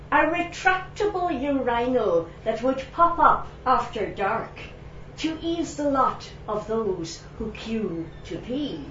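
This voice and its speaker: A woman's voice: a little high, a bit bright, a little hiss or hum. A woman reading a comic rhyming poem in a Belfast accent, with a playful, lilting delivery. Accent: Belfast (put on). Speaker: open-mic poet. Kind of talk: humorous poetry reading. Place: echoey venue, live event. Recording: echoey room, distant, dull sound.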